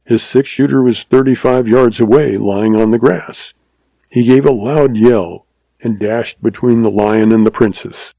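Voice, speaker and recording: A man reading a story aloud as narrator, in a measured, expressive storytelling way. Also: medium pitch, creaky, no room sound, rough recording.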